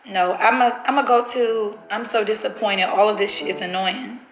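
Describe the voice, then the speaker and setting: A woman's voice: mid-range voice, moderate pace. Woman vlogger, chatty, nervous, addresses viewers, echoey room with faint hiss. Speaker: vlogger pulling a prank on her partner. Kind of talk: casual vlog chat.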